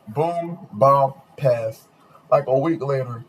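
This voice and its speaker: A man's voice: mid-range voice, fairly quick. Young guy on a podcast spilling a dating story, lots of slang, does everyone's voices, faint hiss behind. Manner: slangy, animated retelling with quoted voices. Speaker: podcast host. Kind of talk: casual storytelling chat.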